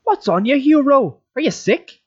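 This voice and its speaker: A man voicing an excitable, loyal young rebel who speaks in urgent exclamations, recorded with a dull, lo-fi sound. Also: mid-range voice, normal speed, no echo, pitched above the performer's own voice, close to an everyday voice. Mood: alarmed.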